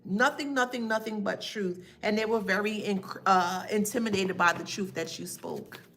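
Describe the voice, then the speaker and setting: A woman's voice: mid-range voice, normal speed, heavy background noise. A woman doing a live tarot reading who talks to her chat in a sassy, emphatic way and laughs often. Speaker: tarot reader.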